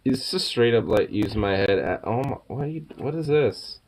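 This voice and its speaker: A man's voice: animated, normal speed, slight background noise. Man cooing and teasing his dog. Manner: affectionate teasing baby talk, often yelping high and laughing. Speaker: vlogger. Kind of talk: casual talk to a pet dog.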